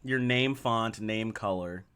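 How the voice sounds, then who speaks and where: A man co-hosting a podcast in casual chat, playful and quick to laugh. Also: lowish voice, fairly bright tone, clear, resonant tone. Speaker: podcast co-host.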